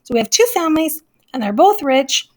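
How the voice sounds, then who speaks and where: A woman's voice: high-pitched, very animated, fairly quick, darkish tone. A woman English teacher giving a recorded lesson, explaining methodically step by step and counting aloud. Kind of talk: recorded classroom lesson walkthrough.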